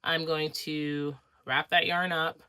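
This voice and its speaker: A woman's voice: low voice, flat delivery, slow, pushed and bright, clear, resonant tone, dry recording. A woman vlogger talking casually to her camera, chatty and rambling with frequent fillers. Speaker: crafting vlogger. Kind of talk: casual vlog chat.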